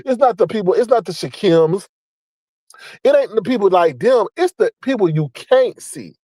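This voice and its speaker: High-voiced man ranting bluntly. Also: animated, normal speed, warm tone, dry recording, poor audio. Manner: blunt, profane, repeats points for emphasis; scolding, mocking. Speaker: online commentator. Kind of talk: ranting commentary.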